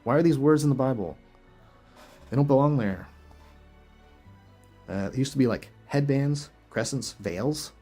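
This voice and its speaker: A man's voice: mid-range voice, a little slow, pauses often, warm tone, breathy edge, soft background music. A man hosting a video, reading verses aloud and reacting with incredulous, chuckling rhetorical questions in casual commentary. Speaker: video host.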